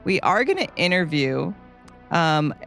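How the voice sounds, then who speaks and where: A woman's voice: sits low, very animated, unhurried, gravelly, fairly bright tone, faint music behind. A woman co-hosting a charity stream, giggly and hesitant with many ums, reading donations and interviewing a guest. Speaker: stream co-host. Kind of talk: casual live-stream hosting.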